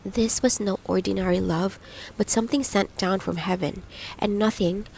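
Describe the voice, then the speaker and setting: Woman reading a story with a gravelly edge. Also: mid-range voice, steady tone, normal speed, darkish tone, slight background noise, poor audio. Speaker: audiobook narrator. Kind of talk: first-person audiobook narration.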